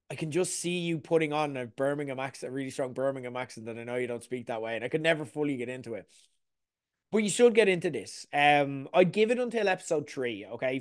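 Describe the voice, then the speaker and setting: Chatty man with a raised voice. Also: fairly high pitch. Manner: chatty, rambling, full of "like" asides. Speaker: TV reviewer. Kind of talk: casual chat.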